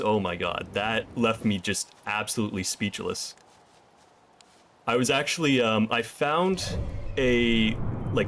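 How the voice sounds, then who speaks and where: Man, game streamer, casual commentary, low voice, thinks aloud, chats with viewers. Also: fairly bright tone, a little hiss or hum.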